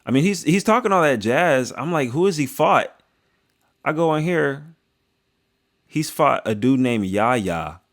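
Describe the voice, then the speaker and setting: A man's voice: medium pitch, expressive, a little slow. A young man talking through fight reactions in a rambling, joking, slangy way. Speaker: video creator reviewing fights. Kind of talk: casual reaction commentary.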